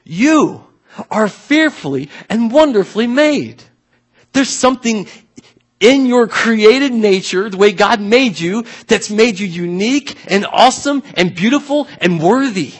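A pastor delivers his sermon in a high, slightly husky voice. He talks to the congregation like a friend, then presses his points home by repeating them with emphasis. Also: lively intonation, measured pace. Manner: emphatic, conversational preaching with repeated phrases.

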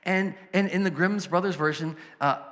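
A man's voice: high voice, normal speed, fairly bright tone, in a large hall. A man preaching a sermon as a pastor, conversational and storytelling, with emphatic asides.

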